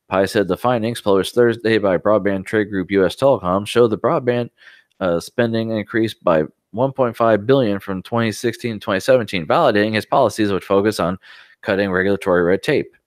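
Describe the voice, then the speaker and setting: A man with a lowish voice co-hosts a casual tech podcast. He reads news stories aloud and breaks off for dry, sarcastic remarks. The recording is close and dry. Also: no room sound. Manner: sarcastic asides between read passages. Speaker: podcast co-host. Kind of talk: casual chat, reading news articles aloud.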